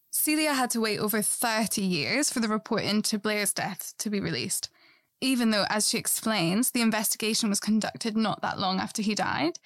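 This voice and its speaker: A woman podcast host with a mid-range voice, recorded dry with no room echo. She narrates and asks questions in a clear, explanatory manner. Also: mid-range voice. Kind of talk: scripted podcast narration and conversation.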